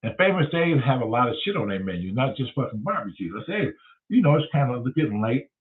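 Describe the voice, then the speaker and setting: A man's voice: mid-range voice, fast talker. A man from telling a comic story, cursing freely and acting out the other people's voices. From Detroit, USA. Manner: profane, animated, acts out voices of others. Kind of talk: comedic storytelling. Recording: tinny phone-like sound from a distance.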